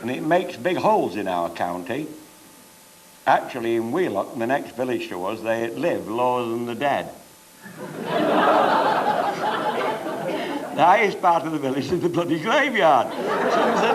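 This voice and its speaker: Speaking with a Cheshire accent in a sing-song, medium-pitched voice, an older comedian tells bawdy after-dinner anecdotes on stage, chuckling throughout. He keeps a measured pace with long pauses, while a loud crowd laughs in the noisy live recording.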